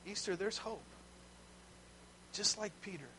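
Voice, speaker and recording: A man's voice: high voice, moderate pace, pauses often, slight background noise, rough recording. A man preaching a sermon as pastor, telling a story in a conversational way with asides to the congregation.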